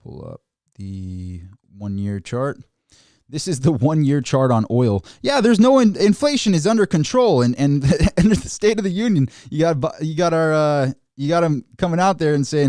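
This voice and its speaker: A man hosting a casual finance livestream, talking in an animated, sarcastic way with frequent restarts. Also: a little high, normal speed, dry recording, studio quality. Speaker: host of a finance channel. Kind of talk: casual market commentary livestream.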